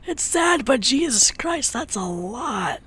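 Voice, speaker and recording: A woman chatting casually as a co-streamer, who reacts quickly and bluntly. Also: sits high, sing-song, a bit bright, slightly rough. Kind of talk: casual chat.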